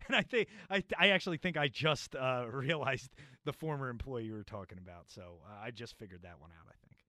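A man's voice: medium pitch, fairly quick, sharp tone, dry recording. A man hosting a call-in sports talk radio show in a casual, chatty way from a studio mic, often stumbling and repeating words. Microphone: studio microphone.

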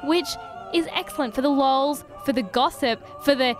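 A woman's voice: sits high, normal speed, faint music behind. A woman co-hosting a podcast, telling the story of the episode wryly and acting out quotes in a casual chat. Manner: wry, storytelling with acted quotes. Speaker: podcast co-host.

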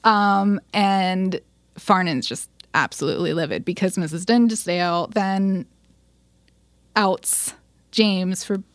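A woman co-hosting a podcast and recapping a story in relaxed chat. She acts out quoted lines and fills pauses with "um" and "like". Her pitch is mid-range and the sound is dry and close. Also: no room sound. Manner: animated retelling, acts out quotes, frequent fillers. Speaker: podcast co-host.

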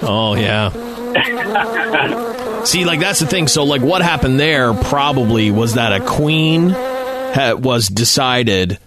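A man's voice: takes it slowly, long pauses, over a noisy crowd. A man co-hosting a morning radio show, chatting casually and joking about bees. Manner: animated, jokey, breaks into high silly voices.

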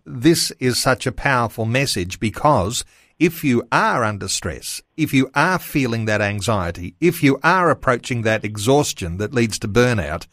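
Male radio host, dry close studio mic, measured and unhurried, lots of "uh" fillers. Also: mid-range voice, a bit bright, no room sound. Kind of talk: radio interview on faith.

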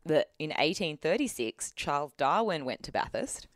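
A woman's voice: low voice, very animated, normal speed, no room sound, clean studio sound. An Australian woman in her thirties, co-hosting a casual podcast, telling a story in a chatty, sweary, rambling way. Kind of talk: casual chat.

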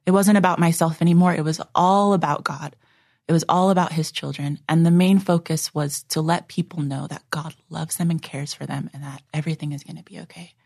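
A young woman earnestly sharing a personal faith testimony, reflective and full of filler words, sometimes dropping to a soft hush. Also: deep voice, fairly even intonation, fairly quick, gravelly, dry recording, clean studio sound.

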